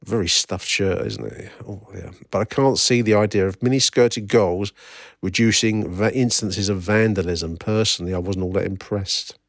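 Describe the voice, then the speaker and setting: A man's voice: fairly low pitch, normal speed, gravelly, no room sound, studio quality. A man hosting a solo football history podcast, wry and rambling, with many fillers and restarts as he reads out old newspaper reports. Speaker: podcast host.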